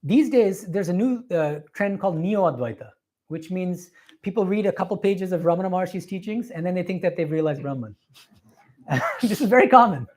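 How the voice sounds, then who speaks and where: A man's voice: sits high, expressive, brisk, darkish tone. A man in his forties, a monk giving a spiritual lecture to a live audience and telling stories with earnest emphasis. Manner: earnest, emphatic storytelling with laughs. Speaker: visiting swami giving a talk. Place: meditation hall with a live audience.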